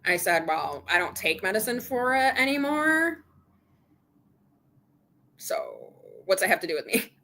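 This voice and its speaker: Bright-voiced woman chatting on a live stream. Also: mid-range voice, huge pitch swings, unhurried, pauses often, a little hiss or hum. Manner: candid storytelling, retelling an argument with quoted dialogue. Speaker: channel host. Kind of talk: casual live chat with viewers.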